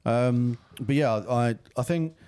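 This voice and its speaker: A man co-hosting a podcast in casual chat, swearing freely and talking in lively bursts. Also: mid-range voice, slow, clean tone, dry recording. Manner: sweary, animated, talks in bursts. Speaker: podcast co-host.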